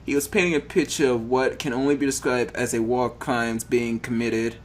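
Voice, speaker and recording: A man reads a text adventure game aloud with a mid-pitched voice, often tripping over words. He breaks off for casual joking comments between the narration. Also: fairly even intonation, moderate pace, a little hiss or hum.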